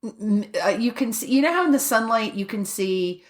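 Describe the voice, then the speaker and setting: A woman co-hosting a podcast in casual chat, retelling a show with halting restarts. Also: fairly high pitch. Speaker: podcast co-host.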